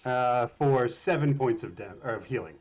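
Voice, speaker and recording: A man's voice: medium pitch, lively intonation, normal speed. A man player describing his character's attacks in a tabletop game, easygoing and self-mocking. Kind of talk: casual game talk.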